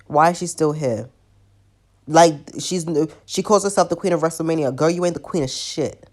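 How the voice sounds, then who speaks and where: A woman with a notably low voice delivers a profane, exasperated review vlog. She sounds sick but keeps pushing her complaints with animated frustration. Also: normal speed. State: sick with covid. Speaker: wrestling reviewer.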